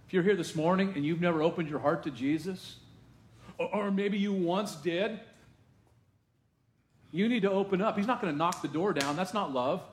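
A man preaching a sermon as pastor in a church, conversational and animated, firing off rhetorical questions to the congregation. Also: sits high, normal speed, long pauses, reverberant, slight background noise. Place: church sanctuary.

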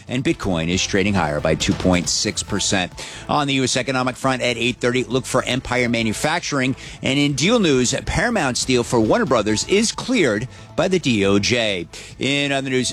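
A man reporting market figures in a quick, clipped, scripted style. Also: mid-range voice, fairly bright tone. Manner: quick, clipped number reading.

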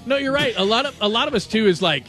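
A male sports radio host in a radio studio, talking in a chatty, animated and jokey way. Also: high voice, fast, soft background music. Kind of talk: casual sports talk.

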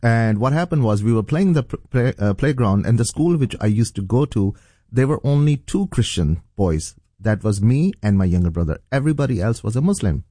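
A man's voice: medium pitch, animated, fairly quick, dark tone, no room sound, clean studio sound. A middle-aged man from Pakistan, a pastor, earnestly telling his personal testimony as an interview guest. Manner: earnest, storytelling.

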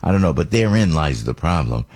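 Husky low-voiced American talk host. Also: male voice, brisk. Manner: rambling, animated, with many restarts and asides. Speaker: radio talk show host. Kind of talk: casual opinionated talk radio.

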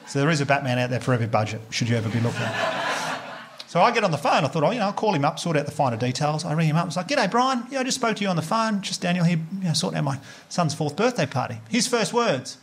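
Animated Australian man telling stand-up stories. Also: racing, a little hiss or hum. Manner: animated, swearing, acts out quoted voices with big jumps up in pitch. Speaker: stand-up comedian. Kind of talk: stand-up storytelling.

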